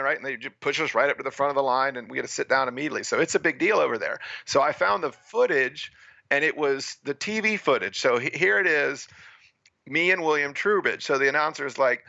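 Man, from the US, interview guest, animated storytelling, gravelly, dry close sound. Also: mid-range voice, brisk, no echo, highs cut off. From United States. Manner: animated, frequent "right?" and "you know" asides. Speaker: guest, freediving and spearfishing instructor.

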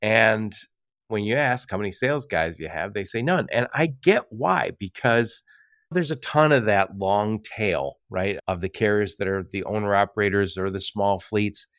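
Chatty low-voiced male podcast host. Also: moderate pace, fairly bright tone, no echo, clean studio sound. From Michigan. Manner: chatty storyteller, acts out quoted exchanges, laughs often. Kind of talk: casual podcast conversation.

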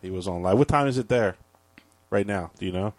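A man's voice: on the low side, brisk, a little mellow, dry recording. A man co-hosting a casual podcast, tossing in short replies and swearing. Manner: short agreeing replies, profane. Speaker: podcast co-host. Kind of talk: casual crude banter.

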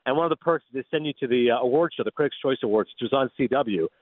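A man from Canada, a guest broadcaster, telling animated, excitable anecdotes in a rapid-fire radio storytelling style. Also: medium pitch, no room sound. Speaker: guest sports and film broadcaster. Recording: tinny phone-like line.

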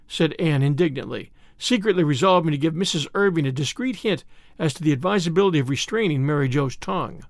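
Lively high-voiced male storyteller. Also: dry recording, clean studio sound. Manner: measured, gentle storytelling. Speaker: narrator. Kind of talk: audiobook narration.

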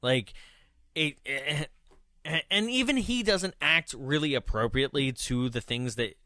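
A man's voice: on the high side, lively intonation, unhurried, sharp tone, no room sound, clean studio sound. A young man chatting casually on a podcast, reviewing a movie in a rambling way with lots of fillers and restarts.

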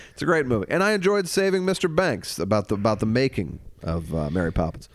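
A man co-hosting a podcast, chatting loosely about movies with quick jokes, bursts of mock singing and frequent laughter. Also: medium pitch, lively intonation. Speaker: podcast co-host. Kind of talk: casual comedic movie chat.

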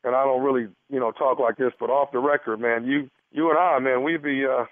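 A man's voice: medium pitch, steady tone, fairly quick, dry recording, close to an everyday voice. A man playing a smarmy, creepy doctor on a prank phone call, hesitant and stammering with many restarts. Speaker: prank caller. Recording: tinny phone line.

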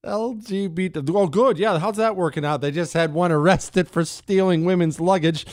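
A man's voice: high voice, normal speed, dry recording, clean studio sound. A man hosting a talk radio show, mocking and opinionated, reading ads and reacting to clips. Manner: sarcastic, mocking, animated.

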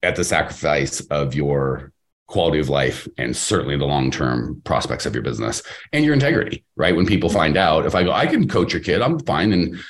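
A man in casual podcast conversation, giving business advice with an emphatic, animated delivery and playing out the voices he quotes. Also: rumbling low, a little fast. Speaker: podcast host and business coach.

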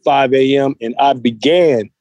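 A man's voice: medium pitch, a little slow, darkish tone, no room sound. A man, a rapper, guest on a podcast, talking in a laid-back, slangy and playful way. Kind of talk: casual interview chat.

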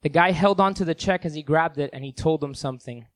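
A man preaching a sermon, telling a story with animated delivery that swings from loud emphasis to hushed asides and acts out the people in it. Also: a little high, fast talker. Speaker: pastor.

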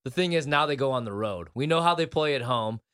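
A man's voice: medium pitch, lively intonation, quick pace, a bit bright, smooth. A man co-hosting a sports betting show, giving loose, rambling picks. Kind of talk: casual sports betting chat.

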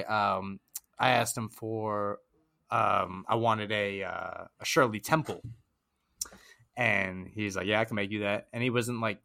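Easygoing male co-host, bright mid-pitched voice, dry close sound, slangy anecdotes. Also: creaky, dry recording. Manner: laid-back, slangy anecdotes acting out both sides. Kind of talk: casual chat.

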